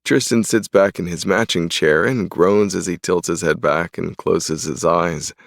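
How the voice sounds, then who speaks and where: A man narrating a first-person audiobook chapter in a relaxed, cocky tone. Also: deep voice, unhurried, creaky, no echo, studio quality.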